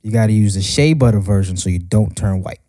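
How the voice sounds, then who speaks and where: A man's voice: lowish voice, quick pace, warm tone, dry recording, clean studio sound. A man co-hosting a podcast in casual chat, talking expressively and swearing freely. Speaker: podcast co-host.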